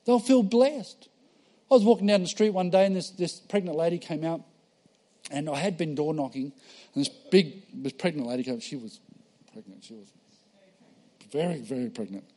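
A man preaching a conversational sermon in a church, telling stories and acting out voices, swinging between loud and soft. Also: fairly high pitch, lively intonation, normal speed, pauses often.

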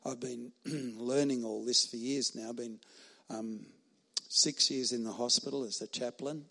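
A middle-aged man, a hospital chaplain, preaching a sermon in an earnest, emphatic way with pauses and a warm laugh at his own stories. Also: medium pitch, fairly even intonation, creaky.

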